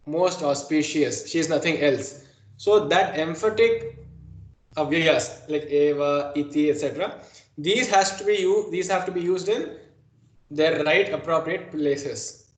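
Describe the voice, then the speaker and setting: A man teaching a language lesson in an explanatory style, pausing often with fillers and correcting himself as he goes. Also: on the high side, echoey room. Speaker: Sanskrit teacher.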